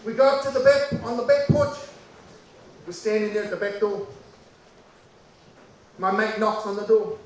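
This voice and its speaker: New zealand man telling a story, high voice, animated, repeats lines, very echoey room, distant mic. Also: normal speed, pauses often, a little hiss or hum. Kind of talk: told childhood story.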